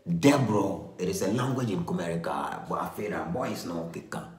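A man, excitedly repeating and explaining rap lyrics, mixing in local words. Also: low-pitched, moderate pace. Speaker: reaction video host. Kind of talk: casual lyric breakdown over music. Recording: echoey room with music playing.

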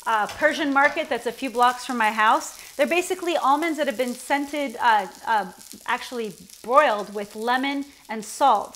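High-voiced, upbeat woman cooking show host. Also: fairly bright tone, slight background noise. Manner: upbeat and chatty, talks straight to the viewer. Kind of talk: cooking demonstration with chatty asides. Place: home kitchen at the stove.

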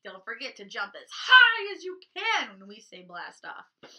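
A woman, a children's librarian, leading a storytime, animated and encouraging as she talks to children. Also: on the high side, measured pace. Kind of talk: storytime reading for kids.

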